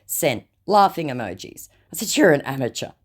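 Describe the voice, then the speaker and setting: A woman's voice: low-pitched, very animated, normal speed, breathy edge. A woman narrating a storytime vlog, reading out chat messages in a sarcastic, mocking way. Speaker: vlogger recounting scam chats.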